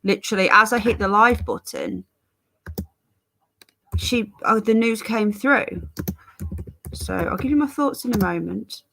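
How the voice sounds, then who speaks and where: A woman's voice: medium pitch, measured pace, creaky, long pauses, bright, forceful tone, a little hiss or hum. An English woman chatting casually on a live stream, greeting viewers by name while fiddling with her stream settings. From England.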